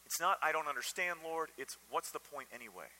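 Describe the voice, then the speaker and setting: A man's voice: on the high side, animated, fairly quick, sharp tone, big-room sound, low-quality recording. A man preaching a conversational sermon to a Sunday morning congregation, often asking them direct questions. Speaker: pastor.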